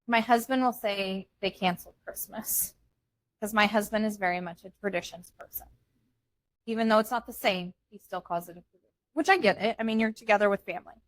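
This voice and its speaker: A woman's voice: medium pitch, a little fast, no room sound. A young woman co-hosting a podcast, telling a family story in a blunt, candid, casual way. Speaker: podcast co-host. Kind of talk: casual chat.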